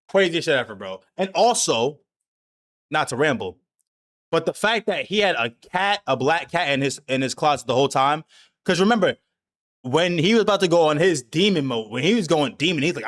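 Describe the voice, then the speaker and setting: A man with a high voice that leaps around in pitch recaps an anime in loose, slang-heavy chat. He swears freely and tells the story with lively energy. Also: fairly quick. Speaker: anime discussion host.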